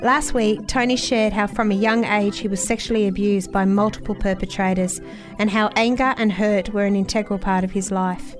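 A woman's voice: medium pitch, fairly even intonation, normal speed. Woman host reading an intro. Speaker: radio program host. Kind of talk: scripted introduction. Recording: faint music behind.

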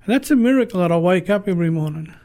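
A man's voice: high-pitched, lively intonation, racing, warm tone. A middle-aged man preaching a sermon as a pastor, telling stories with passion and repeating phrases for emphasis.

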